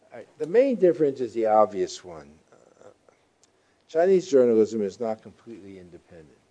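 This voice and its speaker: An older man, a journalist, answering interview questions in a reflective, halting way with frequent pauses and restarts. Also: mid-range voice, big pitch swings, warm tone, highs cut off.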